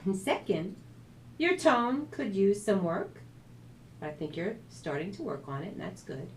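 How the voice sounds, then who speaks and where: A woman voicing a supportive mother who gives her daughter gentle, encouraging feedback. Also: mid-range voice, expressive, a little slow, slight background noise, natural voice.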